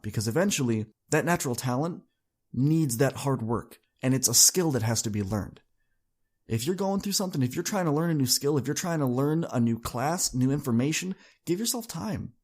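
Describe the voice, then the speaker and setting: A man's voice: mid-range voice, a little mellow. A young adult man hosting a podcast, delivering an earnest, upbeat motivational monologue that speaks straight to his listeners. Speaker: podcast host.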